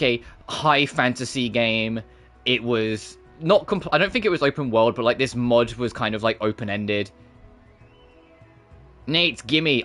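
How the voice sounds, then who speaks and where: A man's voice: medium pitch, fairly bright tone. A man in his twenties from Britain with a faint British accent, rambling and swearing as a streamer in casual chat. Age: 20s.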